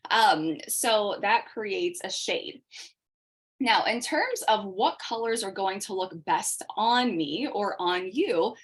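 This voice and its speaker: A woman teaching an online makeup class over a video call, talking fast in a chatty way. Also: mid-range voice. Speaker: makeup instructor.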